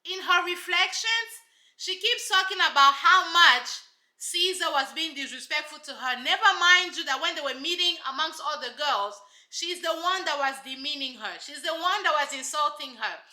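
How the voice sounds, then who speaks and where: A woman's voice: high-pitched, moderate pace, bright, forceful tone, echoey room. A woman giving casual, sassy commentary on a reality show, emphatic and full of rhetorical asides.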